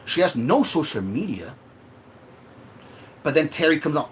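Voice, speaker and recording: Male livestream host, heated and swearing, slightly high voice that swings widely in pitch. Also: sing-song, measured pace, slight background noise. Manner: emotional, profane, confrontational.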